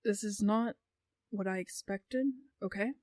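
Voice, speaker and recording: A woman's voice: medium pitch, fairly even intonation, measured pace, a little mellow, no echo, studio quality, lightly acted. A woman voicing a polite, flustered young male elf who keeps trailing off and apologizing. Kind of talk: tabletop role-play.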